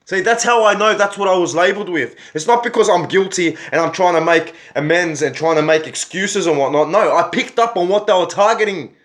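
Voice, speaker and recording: Australian man, agitated, swearing a lot, rhetorical questions, somewhat high voice. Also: a little fast, hardly any pauses, a bit bright. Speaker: vlogger telling his story. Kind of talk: angry personal storytelling.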